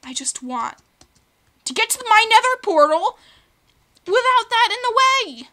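A woman's voice: very high voice, big pitch swings, normal speed, pushed and bright. A woman hosting a video game let's play, chatting playfully and talking to the creatures on screen. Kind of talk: gaming commentary.

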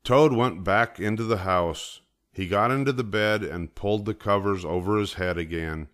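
An older man reading a children's storybook aloud in a gentle, measured way. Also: sits low.

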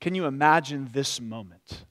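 A pastor preaching a sermon in a church, telling the story expressively and dropping to quiet, slow tones at solemn moments. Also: male voice, medium pitch.

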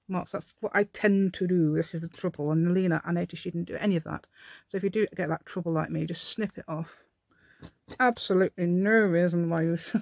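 A craft channel host sits at her home craft table leading a relaxed tutorial, thinking out loud and posing questions to viewers as she works. Her voice is fairly low and darkish in tone, recorded with no echo.

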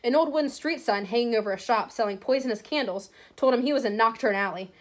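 Teacher reading aloud, higher voice. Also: female voice, fast talker. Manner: expressive, with small slips and restarts. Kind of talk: reading a novel aloud to a class.

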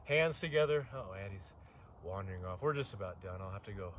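Outdoors, a Southern Californian yoga teacher leads a guided session in a low-pitched voice, brisk and lively in intonation. He cues poses and breathing while tossing in joking asides, and a little background noise can be heard.

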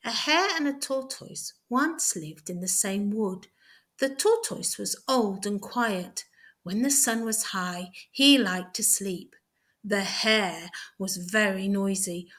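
Slow, bright-voiced woman reading a story. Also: medium pitch. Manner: clear, deliberate and expressive. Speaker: tutor. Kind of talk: reading a children's story aloud.

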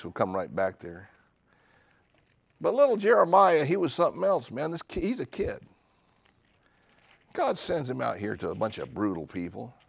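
With a gravelly voice and no room sound, a middle-aged male pastor preaches charismatically in a church sanctuary. Low asides give way to loud proclamations sprinkled with humorous digs.

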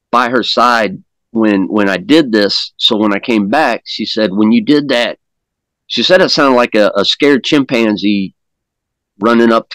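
A man's voice: mid-range voice, fairly bright tone, no room sound, poor audio. A man casually telling a story as an interview guest, plain-spoken and rambling, often repeating words as he goes. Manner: folksy, plain-spoken grammar. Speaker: guest recounting an encounter.

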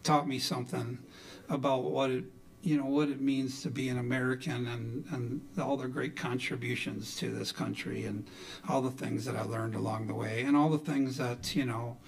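A man's voice: medium pitch, steady tone, moderate pace, vocal fry. A middle-aged man from Milwaukee, a folk musician telling a rambling, folksy story on stage between songs, with lots of "you know". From Milwaukee, Wisconsin.

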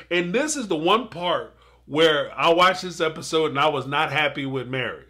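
A man's voice: fairly high pitch, normal speed, pushed and bright. A man hosting a live stream, chatting casually and animatedly about a reality show, talking straight to his audience and laughing often.

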